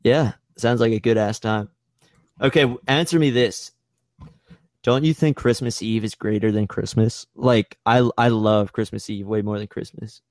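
A man's voice: lowish voice, fairly even intonation, moderate pace, no room sound, clean studio sound. A man in his twenties chatting casually on a podcast, rambling and swearing with lots of filler words. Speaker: podcast host.

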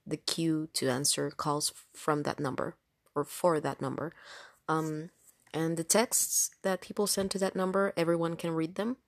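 A woman's voice: low voice, no echo, studio quality. A woman telling a story in casual chat, rambling along with lots of fillers. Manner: chatty, rambling with many fillers. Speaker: storytime vlogger.

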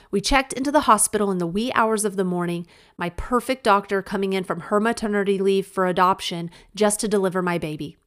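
A woman's voice: medium pitch, clear, resonant tone. A woman reading her own book aloud as a memoir, candid and emphatic, with wry humor, speaking straight to the listener. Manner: conversational, addressing the listener directly. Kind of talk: audiobook narration of a memoir.

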